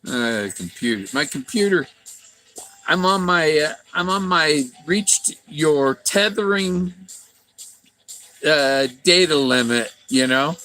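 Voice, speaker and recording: A man's voice: sits high, pushed and bright. A man rambling through a casual monologue, stumbling and repeating words, sometimes mimicking other voices. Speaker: vlogger.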